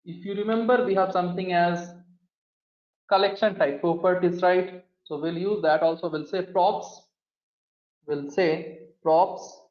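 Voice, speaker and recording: A male programming instructor leads a live coding lesson, talking through each step as he types and often calling the class "guys." His voice is high and roomy, and the recording has its highs cut off.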